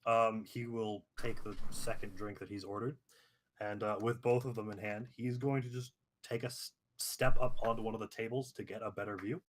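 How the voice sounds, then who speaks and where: A man describing his character's actions in a tabletop game, often pausing with "uh". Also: fairly low pitch, fairly even intonation, a little hiss or hum. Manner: hesitant, starts lines with uh. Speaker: player.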